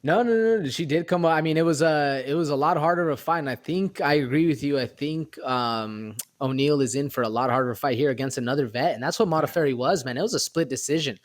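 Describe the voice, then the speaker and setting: On a sports podcast, a male co-host with a fairly high voice talks fast with hardly any pauses, casually discussing an upcoming fight. Now and then he stumbles over his words.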